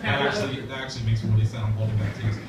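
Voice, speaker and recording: Speaking very fast in a lowish voice with fairly even intonation, a man works through an open-mic comedy set full of fillers and profanity, loose in style. The venue is a laundromat café. It's captured in a roomy, distant, noisy live recording, with laughter from the audience and chatter around the room.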